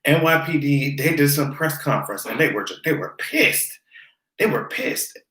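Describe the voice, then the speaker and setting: A vlogger ranting in casual commentary, profane and sarcastic, now and then slipping into high mocking voices. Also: lively intonation, normal speed, a bit bright, echoey room, low-quality recording.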